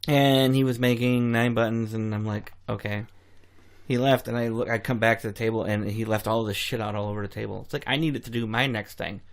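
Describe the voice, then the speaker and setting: A man's voice: medium pitch, steady tone, fast, few pauses. A man co-hosting a casual podcast, answering in a laid-back, easygoing way. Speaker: podcast co-host.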